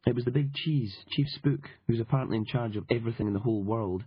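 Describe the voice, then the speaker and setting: A man with a husky voice voicing a sharp, sardonic Scottish woman journalist with a blunt, profane manner, in an audiobook. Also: medium pitch, quick pace. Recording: dull lo-fi audiobook recording.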